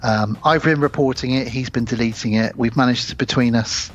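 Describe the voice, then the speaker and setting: A man's voice: medium pitch, fairly even intonation, brisk. Chatty man hosting a podcast. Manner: chatty, rambling, self-deprecating. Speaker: podcast host. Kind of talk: casual podcast chat. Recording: slightly dull lo-fi sound.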